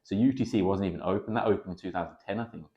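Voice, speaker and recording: A man talks quickly in a deep, low register, rattling through stories. He is a kickboxer and coach in his thirties, chatting casually as a podcast guest, swearing freely and acting out what others said. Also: dull audio. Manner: animated storyteller, swears freely, acts out quotes.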